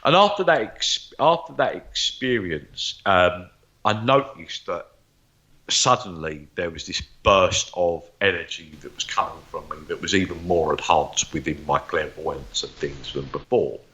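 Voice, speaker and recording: Low-voiced man, rambling storyteller. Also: measured pace, bright, forceful tone, muffled recording. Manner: rambling, repeats words, acts out remembered dialogue. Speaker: psychic medium guest. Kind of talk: interview storytelling.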